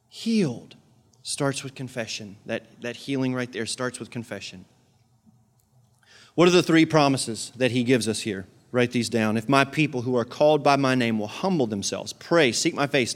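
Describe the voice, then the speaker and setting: Earnest man preaching a sermon. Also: mid-range voice. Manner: swings between loud emphatic peaks and quiet earnest asides; asks the congregation direct questions. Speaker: pastor.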